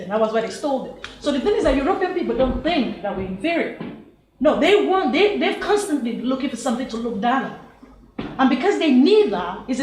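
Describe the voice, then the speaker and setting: A woman's voice: fairly high pitch, a little mellow. A woman from Nigeria speaking up from the audience at a panel, emphatic and laughing as she talks, with many restarts. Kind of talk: impassioned comment from the floor. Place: university lecture hall. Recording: echoey lecture hall.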